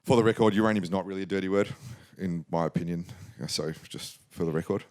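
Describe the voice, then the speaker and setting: A man in his forties from Australia, a business guest telling lively anecdotes in a casual interview and acting out quoted lines. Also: low-pitched, quick pace. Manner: animated anecdotal, acts out quotes.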